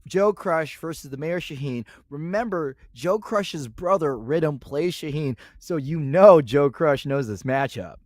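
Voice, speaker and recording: A man doing play-by-play commentary on a fighting game tournament, excitable and jokey with bursts of hype. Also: a little high, measured pace, hardly any pauses, dry recording. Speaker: esports commentator.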